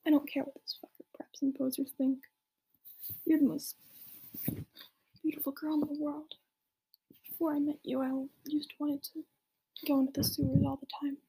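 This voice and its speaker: A young woman reading the lines of a moody, lovesick goth teen boy in a soft whisper, as whispered role-play. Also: high voice, little pitch movement, normal speed, long pauses, a little hiss or hum, rough recording. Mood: pleading.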